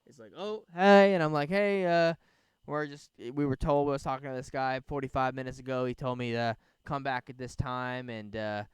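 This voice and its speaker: Young guy rambling thru a sweary story, clear voice, dry close sound. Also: medium pitch, moderate pace, no echo. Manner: rambling, profane, animated retelling. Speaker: podcast host. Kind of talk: casual storytelling chat. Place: outdoors by a bonfire. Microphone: podcast microphone.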